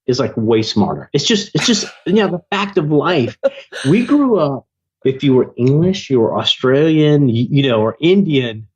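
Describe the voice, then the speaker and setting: A man's voice: medium pitch, big pitch swings, normal speed, breathy edge, lo-fi sound. A man with a Southern US accent, from South Carolina, telling stories as a guest on a podcast in a chatty, joking way. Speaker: podcast guest, business owner. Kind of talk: casual interview chat.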